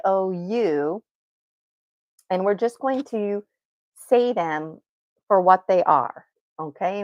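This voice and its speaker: A woman's voice: mid-range voice, no room sound, dull audio. A woman teaching an unscripted guided vocal exercise, encouraging and laughing often as she draws out vowel sounds. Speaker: voice and breathing teacher.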